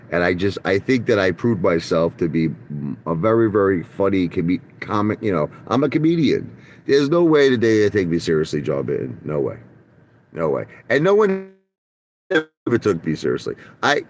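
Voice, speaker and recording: A middle-aged man with a very low voice rambles blunt, profane stories from the seat of his parked car. He stumbles and restarts his sentences as he talks straight to his viewers. A faint noise sits under the recording. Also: darkish tone. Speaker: vlogger. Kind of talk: casual rambling monologue.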